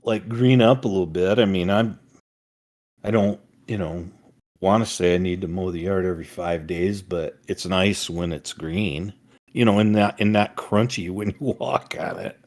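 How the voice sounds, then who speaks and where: An older man talks in a very low, deep voice. He rambles through casual family chat, circling back with fillers and restarts. He is a father co-hosting a podcast with his son. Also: moderate pace, darkish tone. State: recovering from a summer cold.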